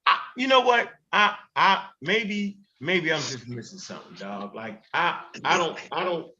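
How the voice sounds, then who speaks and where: A man hosting a show, giving heated commentary in an animated, emphatic and profane way, often repeating himself. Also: on the high side, a little slow. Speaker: host. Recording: dull lo-fi recording.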